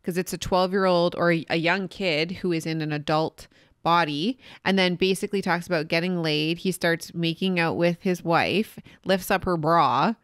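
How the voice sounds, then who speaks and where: A woman's voice: fairly low pitch, moderate pace, clear, resonant tone, no echo, clean studio sound. A woman co-hosting a couple's podcast in casual chat, talking chattily with many "like" fillers and giggling often. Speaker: podcast co-host.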